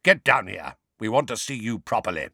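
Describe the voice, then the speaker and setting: A grizzled old wizard, as a man puts him on growls out blunt, barking warnings in a low, gravelly voice. He is suspicious and irritable, with a pitch that rises and falls sharply. The sound is dry and close, as in a storybook reading. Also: very animated, brisk, pushed and bright, no echo, heavily acted. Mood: gruff.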